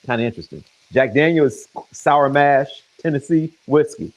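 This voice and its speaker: A man's voice: fairly high pitch, normal speed, low-quality recording. A man chatting and joking with viewers by name as he cooks in his home kitchen. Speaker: home cook streaming to viewers. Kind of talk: casual live cooking chat. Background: sizzling pan.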